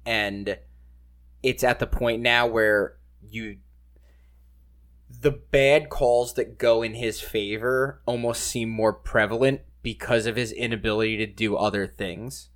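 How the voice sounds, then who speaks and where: A man's voice: mid-range voice, steady tone, slow pace. A man co-hosting a casual sports podcast, rambling and leaning on "like" and "you know". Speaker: podcast co-host.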